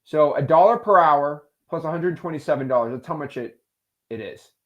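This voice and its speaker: A man hosting a live stream, talking casually and excitedly to his chat and joking with the viewers. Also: a little high, a little fast, muffled recording. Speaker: host of a live stream on real estate cold calling.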